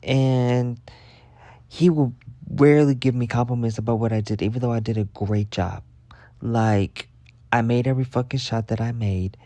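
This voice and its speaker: A man's voice: medium pitch, steady tone, moderate pace, dark tone, no echo. Sassy, profane young man ranting. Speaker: advice and story vlogger. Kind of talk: casual storytelling rant.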